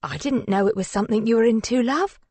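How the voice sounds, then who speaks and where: A woman's voice: a little high, fast, dark tone, husky, no room sound, voice pushed up. A woman voicing an affectionate, fussing middle-aged mother in an audiobook. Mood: worried. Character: warm middle-aged British mum, fussing. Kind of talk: audiobook character voice.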